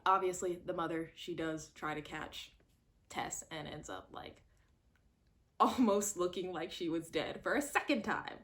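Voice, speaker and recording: A woman reviewing a horror movie in a casual, animated chat, often acting out scenes. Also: fairly low pitch, a little slow. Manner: animated and expressive, acts out scenes in quoted voices.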